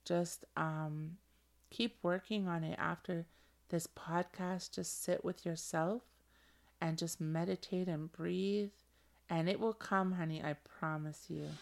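A woman hosts a motivational podcast and gushes with excitement as she guides listeners through a visualization. She calls them honey. Her voice sits on the lower side and has a steady gravelly fry. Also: slow pace. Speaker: podcast host.

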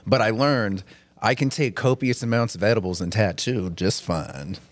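A man's voice: fairly low pitch, normal speed, no room sound. A man, a tattoo artist co-hosting a podcast, trading loose, profane banter in casual chat.

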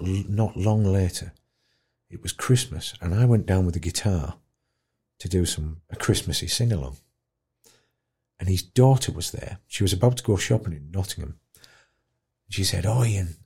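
A man telling a moving story in an interview, acting out other people's voices and dropping to a hush at tender moments. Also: deep voice, measured pace, vocal fry, long pauses, husky. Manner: animated storyteller, acts out voices, drops to quiet. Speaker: guest, dementia campaigner. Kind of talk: storytelling in conversation.

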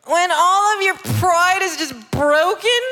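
A woman preaching a sermon in an animated way, acting out other people's voices as she tells stories. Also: very high-pitched, slow, big-room sound, faint music behind. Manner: animated, acts out voices of her kids and God.

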